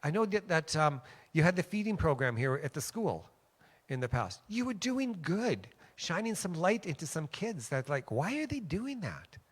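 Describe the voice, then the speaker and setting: A man's voice: fairly high pitch, normal speed. A man from Western Canada preaching in a church, telling personal stories in a conversational way and checking in with "okay?". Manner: conversational, animated when quoting others, frequent "okay?". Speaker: guest preacher. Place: church sanctuary.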